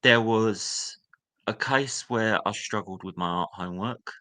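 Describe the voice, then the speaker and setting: A young man recounts his schooldays in a candid, storytelling way. His voice sits fairly low but sounds bright and forward. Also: unhurried. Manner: candid, reliving memories, acts out a teacher's sneering voice. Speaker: guest. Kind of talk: personal storytelling.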